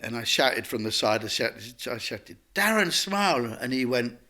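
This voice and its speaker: A man, a guest telling stories in a lively, rambling way full of restarts. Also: medium pitch, moderate pace. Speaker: guest artist. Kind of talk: conversational storytelling.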